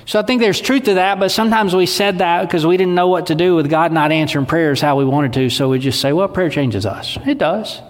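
Folksy pastor in a reverberant hall. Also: male voice, sits high, a little fast, hardly any pauses. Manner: conversational, folksy preaching with y'all. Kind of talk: sermon. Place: church sanctuary.

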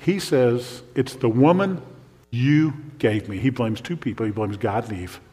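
A male pastor preaches an unhurried sermon in a medium-pitched voice, firing pointed rhetorical questions and then suddenly dropping to a soft, near whisper. The long reverb of a large hall rings around him.

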